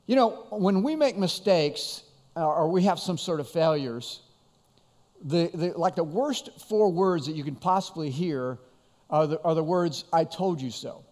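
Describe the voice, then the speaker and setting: A man's voice: fairly high pitch, animated, a little slow, a little mellow, big-room sound. A man preaching a sermon as pastor, in a conversational way with frequent repeated words and restarts.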